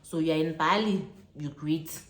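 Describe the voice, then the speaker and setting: A young South African woman telling a lively travel story in a casual vlog, acting out the dialogue as she goes. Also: low voice, measured pace, reverberant. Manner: animated storytelling, acts out dialogue. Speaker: vlogger. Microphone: phone on tripod.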